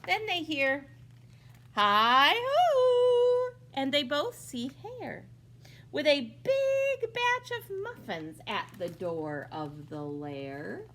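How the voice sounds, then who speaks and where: A woman librarian reading a picture book aloud at a preschool storytime, pausing to ask the young listeners questions. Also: sits high, wildly swooping pitch, a bit bright, a little hiss or hum. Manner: slow, sing-song, asks young listeners questions. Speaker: children's librarian.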